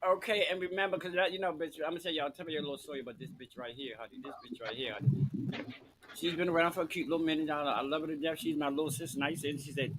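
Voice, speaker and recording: A man's voice: a little high, brisk, pauses often, noisy background. A man hosting a live online talk show, camp and profane, teasing his guests sassily into a home webcam. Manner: camp, profane, teasing, heavy on "bitch" and "honey". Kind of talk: brash, sassy live chat.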